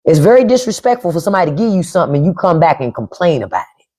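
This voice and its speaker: A woman's voice: fairly low pitch, big pitch swings, very fast, warm tone. A woman hosting a live stream, giving blunt, profane commentary and talking straight to her chat by name. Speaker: podcast host on a live stream.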